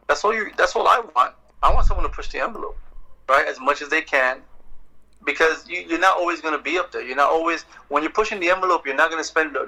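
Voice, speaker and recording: Middle-aged man, bright tense voice, loose swearing podcast storyteller. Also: on the high side, low-quality recording. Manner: animated, profane storyteller, acts out exchanges. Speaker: poet and guest. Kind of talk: casual podcast conversation.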